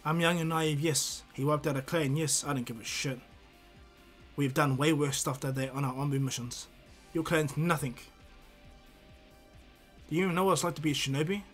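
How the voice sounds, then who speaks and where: A man voicing a blunt, quick-tempered teenage ninja boy who lectures and scolds in a bossy way. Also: on the high side, faint music behind, natural voice. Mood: scolding. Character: blunt hot-headed teen ninja boy.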